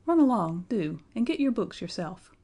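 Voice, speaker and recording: A brisk old nursemaid, fussy and fond, giving orders to a child in a storybook, as a woman puts her on. Her tone stays mellow and low-key. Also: sing-song.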